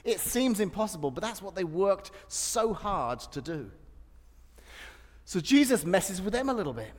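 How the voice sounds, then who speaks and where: A man with a high voice preaches to a congregation, mixing light personal stories into the sermon. He laughs often between lines. His voice rings out with a long reverb in a large church hall. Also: sing-song, moderate pace. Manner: humorous storytelling, laughs often. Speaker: pastor.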